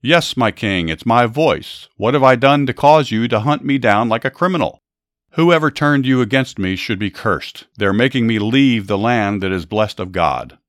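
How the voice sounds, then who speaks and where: A man's voice: medium pitch, lively intonation, normal speed, no room sound, studio quality, voice pushed up, lightly acted. A man voicing a young male warrior who pleads with a king, speaking earnestly. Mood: pleading.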